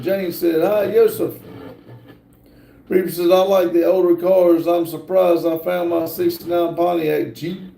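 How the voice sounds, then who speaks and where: Slow, gravelly man in an echoey room. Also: high-pitched, mellow. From United States. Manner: slow, reads viewer comments aloud with many uh fillers. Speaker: livestream host reading chat. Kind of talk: casual live-stream chat.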